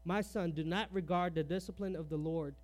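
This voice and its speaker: A preacher with a notably high, steady voice gives a brisk, conversational sermon. He keeps posing pointed rhetorical questions to the congregation and sprinkles in "all right," sounding earnest and personal rather than formal.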